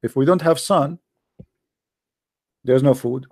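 A man hosting a live debate, explaining his points patiently in casual, animated talk and checking often that the listener follows; English is not his first language. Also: medium pitch, takes it slowly, no room sound, studio quality. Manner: animated, lively storyteller. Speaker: debate host.

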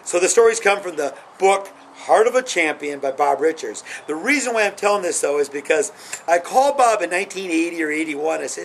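A man's voice: a little high, a little fast, vocal fry, low-quality recording. A middle-aged man hosting his own videos, telling sports stories in a rambling, casual way and repeating "anyhow" as he goes. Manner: rambling, repeats "anyhow", acts out quotes with a rising excited voice. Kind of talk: casual storytelling monologue.

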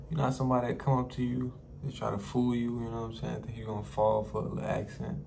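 A man's voice: mid-range voice, little pitch movement, fast, creaky, hardly any pauses, background noise. A man from New Orleans hosting a music reaction, chatting casually to viewers and repeating lines he likes.

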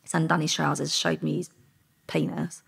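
Low husky woman, blunt storyteller. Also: level tone, normal speed, a bit bright. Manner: blunt, candid retelling with frank language. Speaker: former undercover police officer. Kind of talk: interview storytelling.

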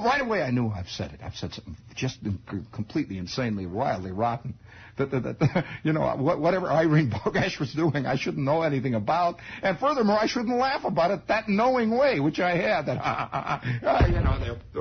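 A man in his forties from the United States spins a rambling radio monologue, laughing at his own tale as he goes. His voice is gravelly and husky, swinging widely in pitch. The sound is dull and lo-fi, like an old radio broadcast. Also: sing-song, fairly quick. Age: 40s. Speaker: radio storyteller.

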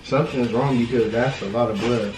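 A man's voice: medium pitch, fairly even intonation, brisk, a little mellow. A young man at home speaks urgently, pressing the same orders again and again. His voice sits mid-range. The room has an echo, with faint noise behind him. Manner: urgent and insistent, repeating orders. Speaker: boyfriend. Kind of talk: casual talk at home.

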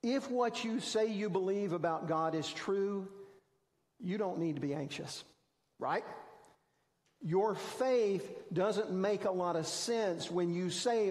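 Man, pastor, sermon, relaxed storytelling, higher-pitched voice, long hall echo. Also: a little slow. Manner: conversational storytelling with self-deprecating humor. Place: church sanctuary.

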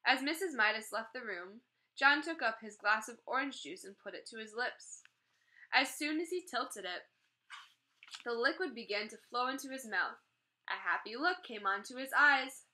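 A woman reading a children's chapter book aloud, gently voicing the characters as she goes. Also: fairly high pitch, animated, moderate pace, rough recording. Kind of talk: read-aloud storytelling.

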